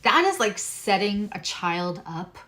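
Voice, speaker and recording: This woman's medium-pitched voice is sing-song, slow, pushed, and bright as she does an informal astrology and tarot reading. She comes from Long Island, New York, but has dropped that accent for neutral American, and she's emphatic, repeating key phrases with chatty asides.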